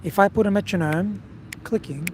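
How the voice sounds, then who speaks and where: A male singing teacher talks the viewer through a casual lesson in a direct, coaching way, often checking in with a quick "okay?". His voice sits a little high for a man. A faint hum of noise runs underneath.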